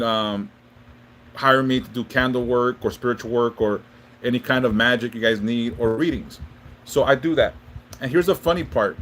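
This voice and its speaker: A man's voice: mid-range voice, a bit bright, slight background noise. A man hosting a casual livestream, rambling with lots of restarts and swearing freely as he chats with viewers and gives spiritual readings. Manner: rambling, profane, frequent restarts. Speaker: livestream host and spiritual reader.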